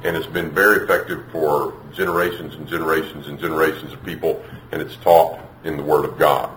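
A man preaching a sermon on raising children, lively and playful, acting out parents and children in raised voices. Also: extremely low pitch, moderate pace, a little hiss or hum. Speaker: preacher teaching on child discipline. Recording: echoey room with faint ambience.

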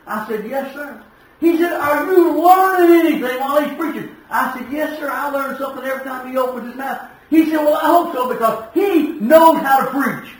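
Man, preacher, sermon, folksy stories, shouted emphasis, distant mic, very echoey. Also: very high voice. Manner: folksy storytelling, alternating shouted emphasis and quiet asides.

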